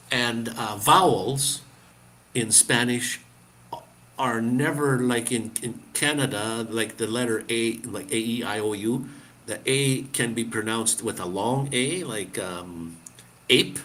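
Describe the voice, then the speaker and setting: A man talking casually to his live-stream viewers, often laughing and tripping over his words. His voice sits at an ordinary middle pitch for a man, loose and conversational. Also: fairly bright tone. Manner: chatty, laughs often, lots of fillers and restarts. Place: living abroad in the Philippines.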